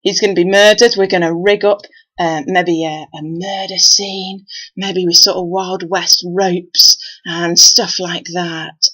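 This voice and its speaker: A woman records a casual video message. Her voice sits on the low side and she rambles chattily, filling the gaps with ums and uhs. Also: steady tone, measured pace, bright, forceful tone, poor audio. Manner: chatty, rambling with many fillers. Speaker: event organiser.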